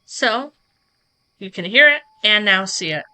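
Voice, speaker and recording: A woman streamer walking her viewers through streaming software in a relaxed, chatty live tutorial, talking into a close microphone at her home setup. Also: medium pitch, measured pace. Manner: relaxed, chatty explaining with asides to chat.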